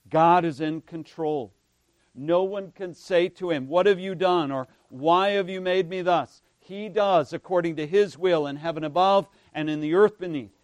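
A male pastor delivers a sermon at a slow, deliberate pace in a voice a bit higher than most men's. He swells to loud emphatic stresses, then drops almost to a whisper. The sound is close and dry, with no room echo. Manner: preaching with swells of emphasis and sudden hushed drops; frequent "right?" asides to the congregation.

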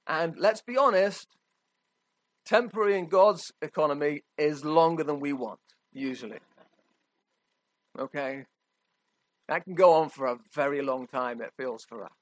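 A man's voice: fairly high pitch, a little slow, pauses often, no echo, low-quality recording. A man preaching a sermon in a conversational, emphatic way, often checking in with his listeners.

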